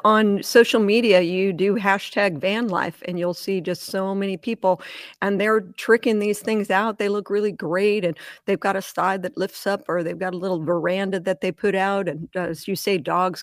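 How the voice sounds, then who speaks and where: Interview guest, woman, animated storyteller who laughs easily, dry close recording. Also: fairly low pitch, no room sound. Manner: animated storyteller, laughs often, acts out voices. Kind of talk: storytelling in casual conversation.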